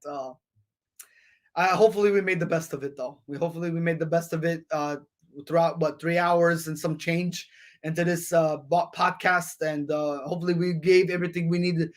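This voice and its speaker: Male podcast host, high-pitched, loose and rambling, lots of ums and restarts, reads sports scores to "folks.". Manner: rambling, frequent fillers and restarts; addresses listeners as folks, ladies and gentlemen.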